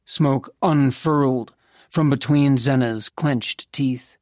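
A narrator reading a fantasy novel in the first person, in a measured, even storytelling manner. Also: mid-range voice, no echo, studio quality. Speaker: audiobook narrator.

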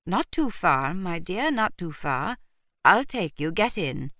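A woman voicing a kindly, soft-spoken gray-haired older gentleman in a storybook reading. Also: on the low side, sing-song, slow, dry recording, clean studio sound, heavily acted.

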